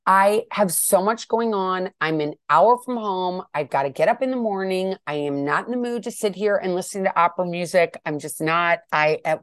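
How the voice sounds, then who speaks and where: A woman in her fifties telling a story to her viewers in a chatty, animated way, with exasperated asides. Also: medium pitch, no echo, clean studio sound. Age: 50s. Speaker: vlogger and wellness coach.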